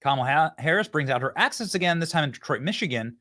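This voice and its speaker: A male host of a political commentary show. He sounds mocking and sarcastic, and his pitch jumps around lively while he fills pauses with "uh". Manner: mocking, sarcastic, with frequent fillers.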